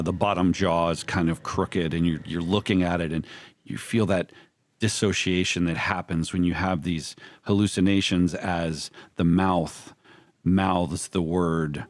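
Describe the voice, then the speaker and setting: A man narrating a horror tabletop game as game master, describing scenes in graphic, measured detail. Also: low-pitched.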